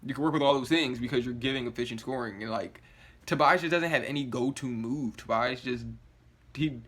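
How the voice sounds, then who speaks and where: A man talking straight to camera in a loose, frustrated rant, his thoughts spilling out in restarts and filler words. He sounds groggy, yawning now and then after just waking up. His voice sits in an ordinary middle pitch. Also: a little fast, a bit bright. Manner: frustrated, rambling, swearing, many "like" fillers. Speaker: sports vlogger.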